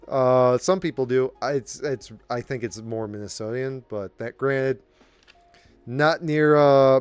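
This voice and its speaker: A man's voice: medium pitch, clear, resonant tone, dry recording. A man hosting his own channel, giving casual commentary on the news. He rambles, breaks off mid-sentence and slips in apologetic asides. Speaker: channel host.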